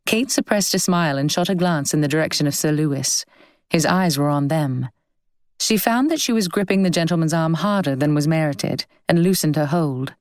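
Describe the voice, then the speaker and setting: A woman reads a novel aloud in an even, measured storytelling style. Her voice sits on the low side. The recording is close and completely dry. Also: no room sound. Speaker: audiobook narrator. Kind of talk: scripted audiobook narration.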